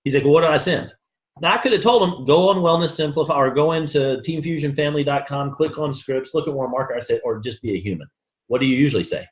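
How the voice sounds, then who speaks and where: Animated man coaching in an echoey room. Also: a little high, fast talker. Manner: animated storytelling, acts out both sides of conversations. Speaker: sales trainer. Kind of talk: motivational training talk. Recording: roomy echo.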